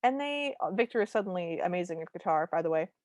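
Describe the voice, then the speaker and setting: A woman co-hosting a podcast, chatting casually as she recaps a movie and briefly acts out characters' lines with animated energy. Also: lowish voice, quick pace, dry recording. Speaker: podcast co-host.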